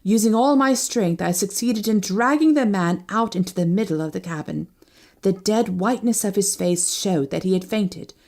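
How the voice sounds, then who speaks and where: A woman narrating a first-person novel as an audiobook, reading expressively. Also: moderate pace. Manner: expressive, shifting pitch with each character.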